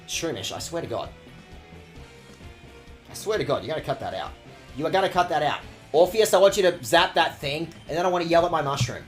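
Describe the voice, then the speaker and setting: A man's voice: on the high side, lively intonation, a little fast, long pauses, faint music behind. A man streaming a game with sweary, jokey commentary. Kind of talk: casual gaming commentary.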